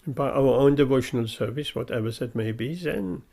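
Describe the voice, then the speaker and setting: A man's voice: mid-range voice, brisk, gravelly, warm tone. A man giving a devotional sermon, earnest and emphatic, repeating his key phrases. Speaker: preacher.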